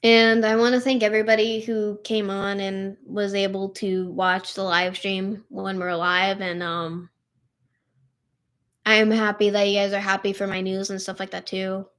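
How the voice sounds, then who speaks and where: A woman's voice: medium pitch, flat delivery, measured pace, a bit bright. A young adult woman chatting on a live stream, tired and upset, rambling with lots of "like" and "literally". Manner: emotional, tired, heavy use of "like" and "literally". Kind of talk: casual live stream chat.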